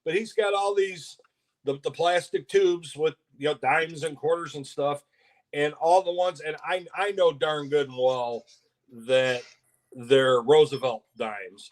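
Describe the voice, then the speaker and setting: A man co-hosting a casual live stream, telling a story in a rambling, halting way. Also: a little high, steady tone. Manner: rambling, halting, laughs often. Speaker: co-host.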